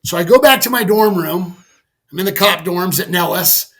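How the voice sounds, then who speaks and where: A middle-aged man, a podcast guest, telling a story in a candid, animated way, with lots of "like" and casual swearing. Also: high voice, moderate pace. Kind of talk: conversational storytelling.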